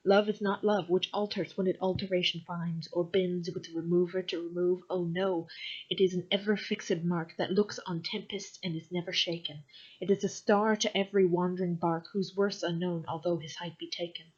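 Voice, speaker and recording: A young woman with a somewhat low, breathy-husky voice recites verse and then breaks into wry, self-mocking commentary. The sound is muffled and lo-fi, like a simple home recording. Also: fairly even intonation, moderate pace. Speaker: vlogger. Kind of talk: reading sonnets aloud with casual commentary.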